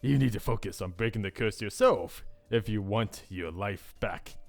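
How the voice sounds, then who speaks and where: A man's voice: fairly low pitch, normal speed, gravelly, soft background music. A man voicing a scheming female witch who mocks and scorns, as he reads a visual novel aloud. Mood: scornful. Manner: mocking, scornful.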